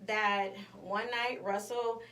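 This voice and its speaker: A woman's voice: mid-range voice, steady tone, slow, bright, forceful tone. A woman hosting a morning show, telling a story in casual chat with lots of fillers. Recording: echoey room, mic at a distance, faint noise.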